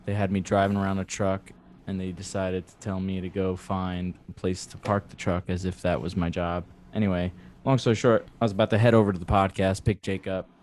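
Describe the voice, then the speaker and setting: A man's voice: deep voice, a little mellow, a little hiss or hum. Rambling self-deprecating man on a podcast. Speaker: podcast host. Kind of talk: casual chat over video call. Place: cluttered bedroom at home. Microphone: clamp mic on a table.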